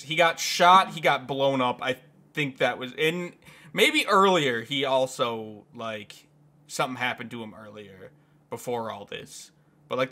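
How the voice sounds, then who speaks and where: Animated bright-voiced man laughing a lot. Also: on the high side. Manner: laughs often, animated, filler "like". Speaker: podcast co-host. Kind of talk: casual chat.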